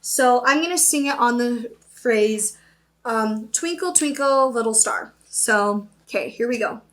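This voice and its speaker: A woman's voice: on the high side, a little slow. A young woman teaching an upbeat virtual voice lesson, explaining terms and checking in with her students. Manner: upbeat, explains then demonstrates, often checks with "okay?".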